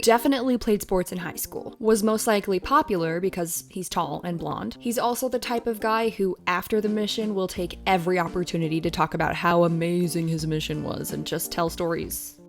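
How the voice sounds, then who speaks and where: A woman hosting a film review channel, talking in a chatty, wry way. Her voice sits at a middle pitch and comes through clean on a close microphone. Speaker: video host reviewing a film. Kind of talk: casual commentary.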